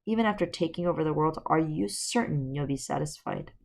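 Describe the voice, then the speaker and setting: A woman reading aloud as a cautious storybook henchman who keeps his questions careful and neutral. The voice is low with a gravelly touch. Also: a little fast, darkish tone. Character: cautious male Rumpelstiltskin henchman.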